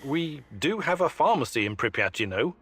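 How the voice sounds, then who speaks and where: A practical male scientist in a video game in a Russian accent. His voice is bright and tense, while his talk stays dry and matter-of-fact. He answers with short, plain replies. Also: a little high, sing-song, normal speed.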